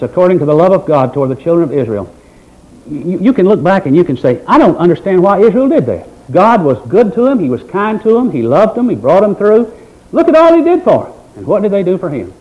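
A man preaching a sermon in a folksy, dramatic manner, with mocking asides in a quiet voice. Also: medium pitch. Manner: folksy Southern-style preaching with dramatic swings in volume. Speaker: pastor. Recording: dull lo-fi recording.

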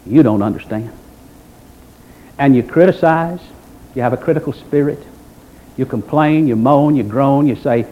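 A man preaching a sermon in a folksy, dramatic manner, with mocking asides in a quiet voice. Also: medium pitch, moderate pace, pauses often, a little hiss or hum. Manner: folksy Southern-style preaching with dramatic swings in volume. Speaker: pastor. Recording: dull lo-fi recording.

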